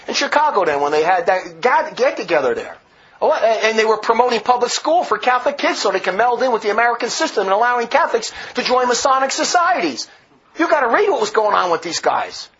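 With his voice climbing and plunging, a man delivers an impassioned sermon about church history, restless and full of indignation. His tone is fairly bright, though the recording cuts off the high frequencies.

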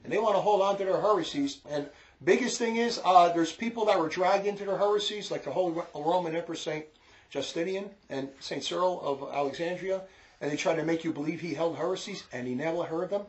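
A man with a New Jersey accent giving an informal religious lecture, talking emphatically and repeating his points. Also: on the high side. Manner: emphatic, repetitive, quick to scold. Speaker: religious teacher.

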